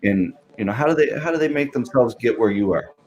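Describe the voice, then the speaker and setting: A man hosting a casual interview podcast, upbeat and encouraging, talking quickly. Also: medium pitch, expressive, darkish tone, dull audio. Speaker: podcast host.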